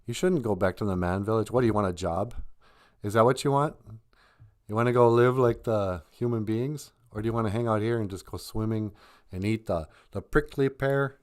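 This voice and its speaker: A man's voice: fairly low pitch, moderate pace, natural voice. A man voicing a carefree, easygoing male bear who coaxes a boy to stay in the jungle. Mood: coaxing. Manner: easygoing, coaxing.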